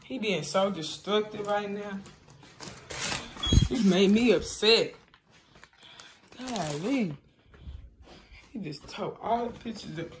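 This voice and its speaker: A young woman vlogging casually to camera, excitable and slangy, often exclaiming in frustration. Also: medium pitch, slow, long pauses, noisy background. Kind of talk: casual prank vlog talk to camera.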